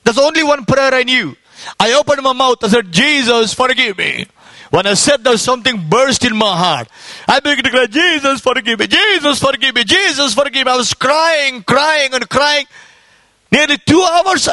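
A man preaching his testimony with fervent, repetitive storytelling and rising exclamations. His voice sits very high and rings bright and forceful. The sound is dry, with hardly any room around it. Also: normal speed, dry recording. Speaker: evangelist giving his testimony. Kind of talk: sermon testimony.

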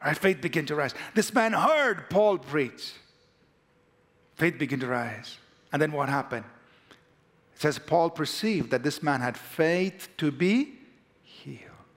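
A man's voice: on the high side, expressive, unhurried, long pauses, a bit bright. A pastor preaching a sermon, leading his congregation in repeated declarations with emphatic call-and-response. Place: church sanctuary.

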